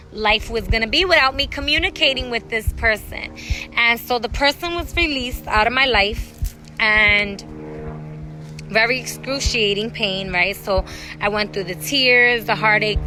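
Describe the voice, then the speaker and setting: A woman's voice: mid-range voice, sharp tone, rough recording. A woman who works as a spiritual healer, talking candidly and bluntly with frequent swearing in a casual vlog, recorded outdoors at a dog park.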